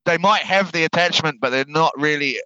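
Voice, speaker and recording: Man, New Zealand accent, casual podcast guest, bright tone, dull lo-fi sound. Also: fairly high pitch, a little fast. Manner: laid-back, swears freely, repeats words while thinking. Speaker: guest, heavy equipment operator.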